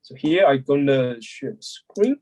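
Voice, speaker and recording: A man with a husky voice hosts a lesson on public speaking. He introduces clips and explains them in measured, slightly halting phrases. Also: mid-range voice, lively intonation, dark tone, low-quality recording. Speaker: host of a public speaking channel. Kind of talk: explanatory talk.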